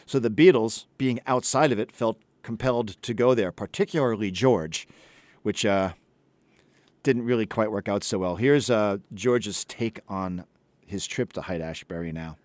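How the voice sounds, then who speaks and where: A man's voice: lowish voice, measured pace, darkish tone, dry recording. A man hosting a talk show, telling a story in a loose, chatty way with ums and uhs. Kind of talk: casual storytelling with read-out quotes.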